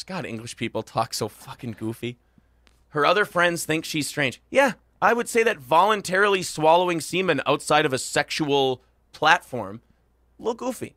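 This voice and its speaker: A male morning radio host doing crude, mocking comedy banter, loud and quick to laugh. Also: on the high side, big pitch swings, dry recording, clean studio sound.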